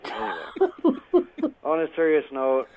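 A man's voice: on the high side, huge pitch swings, slow, narrow, tinny audio, a little hiss or hum, full character voice. A man doing a drunk, foul-mouthed movie star. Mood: drunken ranting. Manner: rambling, profane, mocking. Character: drunk, crude male movie star ranting. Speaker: caller.

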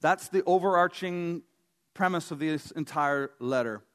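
A man's voice: a little high, unhurried. A man preaching a sermon as pastor, in a conversational, joking way with emphatic stresses.

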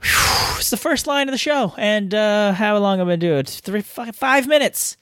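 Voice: mid-range voice, expressive, moderate pace, a bit bright, slight background noise. A podcast host reading a script, stumbling over hard names, restarting lines and mocking their own flubs. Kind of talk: reading a script, blooper takes.

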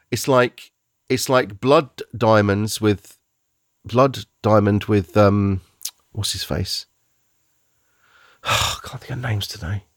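A male podcast host with a fairly low voice reviews films in casual, rambling chat, often restarting and searching for words. The recording is dry with clean studio sound.

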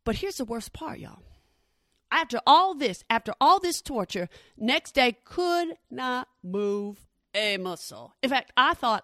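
A woman's voice: sits high, unhurried, dry recording, studio quality. A woman in her forties telling a stand-up comedy story on stage through a lapel mic. She talks straight to the audience and acts out the voices of the people in her story. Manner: animated, addresses the audience directly, acts out quoted voices.

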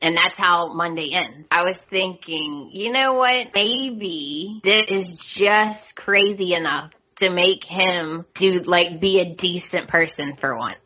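A woman's voice: fairly low pitch, slow, few pauses, sharp tone, breathy edge, lo-fi sound. A woman hosting a podcast, chatting casually with exasperated opinions. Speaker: podcast host. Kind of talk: casual recap chat.

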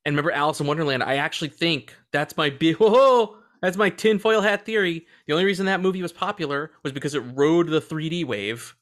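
A man co-hosting a casual movie podcast, excitable, swearing freely and laughing often as he talks. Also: fairly high pitch, brisk, hardly any pauses. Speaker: podcast co-host.

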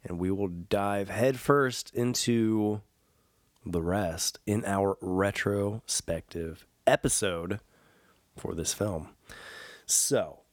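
A man hosts a podcast in a deep, low voice, taking his time over each thought. His talk rambles and fills up with ums and uhs as he pokes fun at himself. The sound is close and dry, with no room around it. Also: no echo. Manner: rambling, jokey and self-mocking, with many fillers. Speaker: podcast host. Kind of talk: casual solo podcast chat.

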